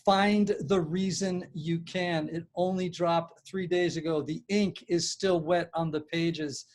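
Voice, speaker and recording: A man hosting a podcast interview, talking in animated, quick bursts. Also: on the high side. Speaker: podcast host. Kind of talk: conversational interview.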